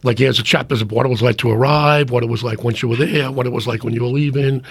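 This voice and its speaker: A middle-aged man as a guest in casual chat, rambling and restarting his sentences. His voice is husky with a gravelly edge, recorded dry and close. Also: medium pitch, steady tone, fast, no echo. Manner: rambling, many restarts and fillers. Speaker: podcast guest.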